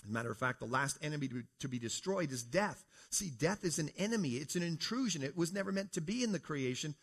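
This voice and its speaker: A man's voice: fairly high pitch, expressive, quick pace, breathy edge. A man from Canada giving a talk in church, speaking casually and asking the audience questions. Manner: conversational, asks the audience questions, says "folks". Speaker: preacher. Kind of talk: creation apologetics talk to a congregation.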